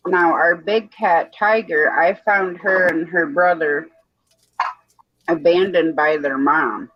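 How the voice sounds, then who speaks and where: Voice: medium pitch, steady tone, slow pace, no room sound, dull audio. A person chatting casually on a livestream, telling folksy stories. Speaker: livestream chat participant. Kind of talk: casual chat.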